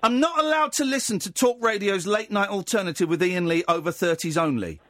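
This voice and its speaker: Excitable high-voiced radio host. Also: male voice, a little fast, no echo, studio quality. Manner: excitable, playful, stammers and repeats. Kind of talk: late-night talk radio chat. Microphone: studio microphone.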